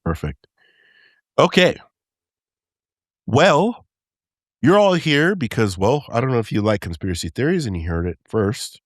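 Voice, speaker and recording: A man's voice: mid-range voice, very animated, dry recording, studio quality. A man co-hosting a casual podcast, playful and joking as he steers the talk. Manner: playful, joking, quick to laugh. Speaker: podcast co-host.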